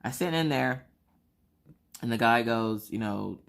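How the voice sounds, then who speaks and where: A woman's voice: very deep voice, lively intonation, unhurried, creaky. A woman hosting a crafting channel, telling a story in casual chat and acting out both sides of conversations.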